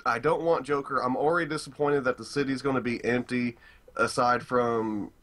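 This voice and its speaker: A man's voice: mid-range voice, fairly even intonation, moderate pace, a bit bright. Rambling young man full of fillers. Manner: rambling with many fillers, profane, opinionated. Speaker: gaming channel co-host. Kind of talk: casual chat.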